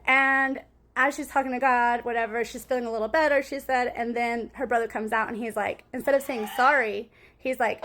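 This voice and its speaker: A woman's voice: on the high side, steady tone, a little fast, a bit bright. Rambling woman telling a story to viewers. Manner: rambling, cussing, frequent "right?" asides. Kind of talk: casual storytime monologue.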